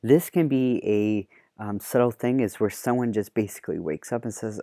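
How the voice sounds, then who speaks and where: A man lectures nursing students in a relaxed, conversational way, explaining with everyday analogies. His voice sits fairly low and sounds dark and mellow. It is recorded close and dry, with no room sound. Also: moderate pace, hardly any pauses, dry recording. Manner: relaxed explanatory, uses homespun analogies, fillers. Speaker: nursing and paramedic instructor. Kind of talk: classroom lecture.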